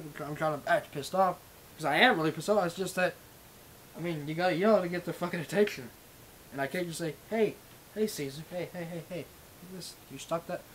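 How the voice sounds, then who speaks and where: Young male streamer, slightly high voice, rambling profane rant, faint hiss on the recording. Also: quick pace, rough recording. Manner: rambling and profane, with frequent restarts. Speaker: livestream host. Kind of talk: ranting casual monologue.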